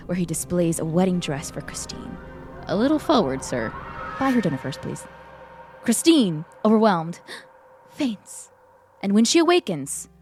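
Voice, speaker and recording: A woman's voice: on the low side, a little mellow. A woman guest co-host on a film podcast, talking emphatically and gushing, repeating her points for effect. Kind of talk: casual podcast chat.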